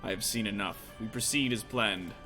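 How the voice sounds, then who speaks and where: A man voicing a cold, condescending imperial lord who speaks in a hushed, measured, sinister way. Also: fairly low pitch, soft background music, pitched below the performer's own voice. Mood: scheming.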